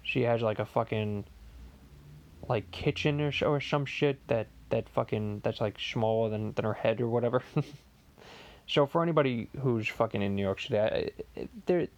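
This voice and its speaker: A man playing Stewie as a foul-mouthed podcast host who rants in a gravelly voice. His speech is rambling and full of stammered restarts. His pitch sits in an ordinary male middle range. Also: moderate pace, darkish tone, muffled recording, lightly acted. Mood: ranting. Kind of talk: comedic podcast monologue.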